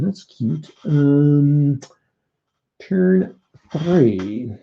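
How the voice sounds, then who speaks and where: A man with a dark, mid-range voice talks at a moderate pace, the sound lo-fi. In casual live-stream commentary on a board wargame, he cracks jokes, mocks himself, and chats with his audience.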